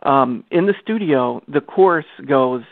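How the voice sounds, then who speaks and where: A man's voice: mid-range voice, lively intonation, measured pace, dry recording. A man hosting a radio interview, enthusiastic and laughing easily in casual chat. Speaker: radio show host. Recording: tinny phone line.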